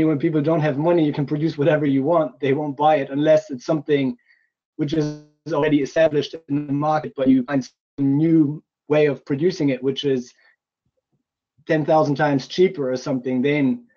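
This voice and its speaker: A man's voice: mid-range voice, dark tone. A man taking part in an online seminar, giving his view casually with hedges and "um". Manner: casual, hedging with fillers. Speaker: participant. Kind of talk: academic webinar discussion. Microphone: video call. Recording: dull, lo-fi video call audio.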